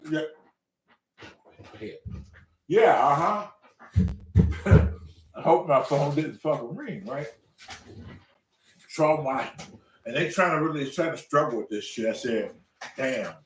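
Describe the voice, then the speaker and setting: A man's voice: fairly high pitch, moderate pace, pauses often, far from the mic, slight background noise. Older guy in his 60s cussing thru a story, echoey room, sitting back from the mic. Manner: profane, animated, drawling. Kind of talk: casual storytelling. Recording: roomy room, away from mic.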